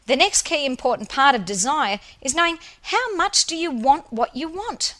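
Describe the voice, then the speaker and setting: Woman, high voice, motivational speaker, emphatic storytelling. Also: normal speed. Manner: lively storytelling, emphatic repetition. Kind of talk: motivational presentation.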